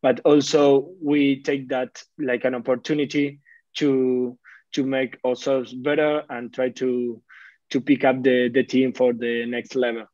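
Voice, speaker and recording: A young man from Argentina with an Argentine Spanish accent, answering questions in careful, halting English and repeating words as he searches for them. His delivery is slow and flat. The audio is dull and lo-fi, with a dry sound. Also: mid-range voice, no echo. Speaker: rugby player, guest. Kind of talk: interview answers.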